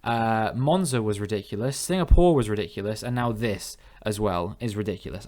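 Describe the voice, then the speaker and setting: A man narrating and commenting over his own racing gameplay, steady play-by-play that breaks into exasperated, animated outbursts. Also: fairly low pitch, fairly quick, hardly any pauses. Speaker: gaming commentator.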